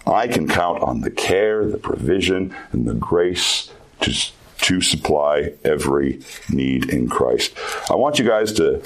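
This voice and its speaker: A man's voice: extremely low pitch, sing-song, a little slow. A man giving a youth sermon as pastor, earnest and emphatic, repeating key phrases for weight.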